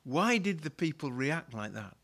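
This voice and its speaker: A man's voice: fairly high pitch, sing-song, moderate pace, vocal fry, a bit bright. A male pastor preaching a sermon, retelling a story in a conversational way and often repeating words as he restarts a thought.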